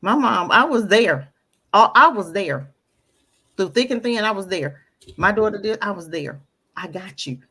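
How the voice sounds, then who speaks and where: Guest, woman, middle-aged, breathy voice, mid pitch, candid storyteller who hammers her points home. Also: expressive, measured pace, pushed and bright. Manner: emphatic, preachy, repeats phrases for stress. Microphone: audio-only radio show recording.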